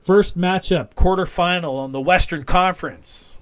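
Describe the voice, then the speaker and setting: A man co-hosting a casual wrestling podcast, rambling and animated as he retells a segment, full of restarts. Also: sits high, normal speed. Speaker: podcast co-host.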